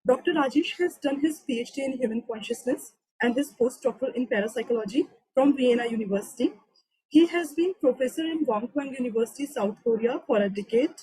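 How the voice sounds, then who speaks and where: A woman with a soft, breathy, mellow voice reads a formal introduction of the guest teacher. The sound is close and dry, with no room around it. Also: high voice, fairly quick, no echo, poor audio. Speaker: host.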